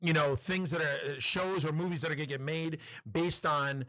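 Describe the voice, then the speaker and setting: Bright, excitable man chatting. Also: on the high side, normal speed. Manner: enthusiastic, swears often, repeats words. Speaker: podcast co-host. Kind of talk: casual chat.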